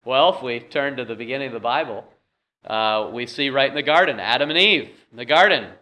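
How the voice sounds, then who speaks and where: A man's voice: mid-range voice, fairly quick, pushed and bright. A man preaching a sermon as pastor, talking in a conversational way with frequent "uh" fillers.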